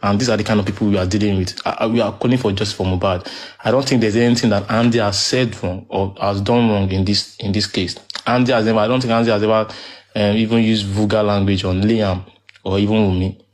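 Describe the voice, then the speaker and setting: Guy, lowish voice, lots of ums, casual chat. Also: steady tone, fast talker, darkish tone. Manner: hesitant, many fillers and restarts. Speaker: live audio room speaker. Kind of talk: casual discussion.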